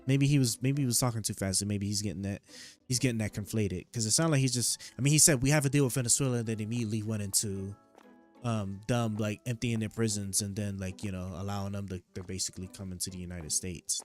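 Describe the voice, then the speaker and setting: A man's voice: lowish voice, fairly even intonation, quick pace, darkish tone, faint music behind. A man hosting a livestream, reacting to a political clip with incredulous, stammering and sarcastic commentary. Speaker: livestream host reacting to clips.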